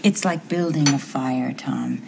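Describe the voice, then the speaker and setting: An actress playing an earnest, confused housewife in a 1970s TV soap, speaking in a hesitant, stammering way. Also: female voice, extremely low pitch, unhurried, creaky, noisy background, full character voice.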